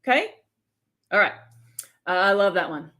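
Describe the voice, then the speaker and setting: Speaking at a normal speed in a medium-pitched voice, a middle-aged American woman coaches speaking skills on a live stream. She is energetic and checks in with her audience frequently.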